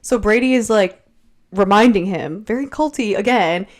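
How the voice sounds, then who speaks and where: A young woman recaps episodes as a podcast co-host, animated and full of filler words. Her voice sits at an ordinary middle pitch. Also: moderate pace. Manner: animated, lots of "like" and "yeah". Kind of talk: casual chat.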